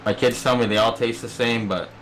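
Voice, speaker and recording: A man's voice: medium pitch, fairly even intonation, fairly quick, background noise. A middle-aged man calling a sim racing broadcast in a chatty, easygoing way, reading out the starting grid. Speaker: race commentator.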